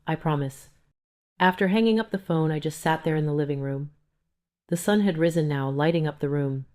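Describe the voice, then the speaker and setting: An older woman narrating a first-person story in a slow, emotional, confessional manner. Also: sits low, darkish tone.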